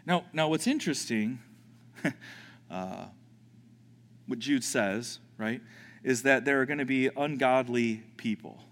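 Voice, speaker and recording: A man preaching a sermon, animated, often repeating words and acting out panicked voices. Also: mid-range voice, takes it slowly, long pauses, long reverb tail. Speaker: pastor.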